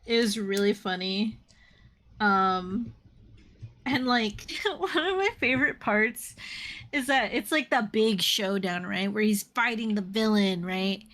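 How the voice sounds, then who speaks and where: A woman's voice: medium pitch, slow. A woman chatting casually on a live stream, retelling movie scenes with lots of laughter and the odd swear word. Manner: animated storyteller, laughs often, swears casually.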